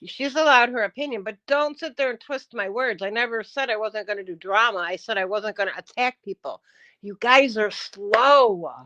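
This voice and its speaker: A woman with a slightly high voice rants at her livestream chat, blunt and profane. The sound is dull and lo-fi. The room is dry and close. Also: a little fast, few pauses, sharp tone, no echo. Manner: combative, profane, talking back to chat. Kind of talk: casual livestream rant.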